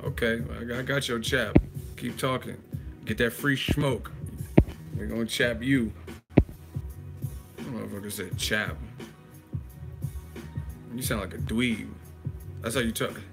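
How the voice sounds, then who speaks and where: A man's voice: medium pitch, steady tone, a little slow, vocal fry, pauses often, loud music behind the voice. A man hosting a live chat stream, roasting a viewer in a profane, mocking, laughing way. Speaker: livestream host.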